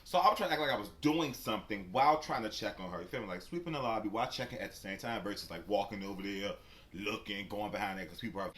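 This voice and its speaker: A man vlogger telling a story casually while he eats, animated and profane, and talking straight to his viewers. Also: on the low side, fast. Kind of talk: casual storytelling during a mukbang.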